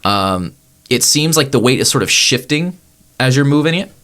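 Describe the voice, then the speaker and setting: A man's voice: mid-range voice, lively intonation, moderate pace, pushed and bright. A man narrating as game master of a tabletop game, laid-back and full of fillers.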